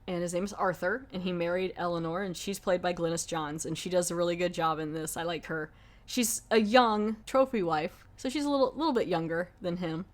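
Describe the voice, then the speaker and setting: Brief: woman podcast host, lower voice, chatty rambling film recap. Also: fairly quick. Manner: rambling retelling with lots of 'like'. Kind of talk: casual film review chat.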